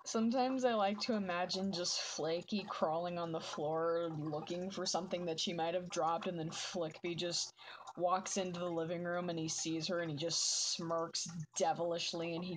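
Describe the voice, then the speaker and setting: A woman's voice: fairly low pitch, slight background noise, rough recording. A young woman chatting casually while she draws on a live stream, rambling with lots of "like" fillers. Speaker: artist streaming her drawing. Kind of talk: casual chat while drawing.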